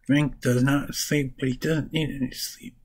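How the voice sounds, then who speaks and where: A man's voice: medium pitch, level tone, measured pace, husky, rough recording. A man casually summarizing comic books for his vlog, rambling and correcting himself as he goes. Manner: rambling, restarts and corrects names while summarizing. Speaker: comic book reviewer.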